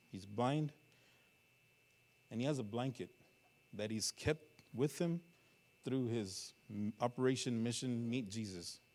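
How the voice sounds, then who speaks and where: A man with a mid-range voice delivers a sermon in a church sanctuary. His storytelling lurches between loud and hushed stretches, and he poses questions to the congregation.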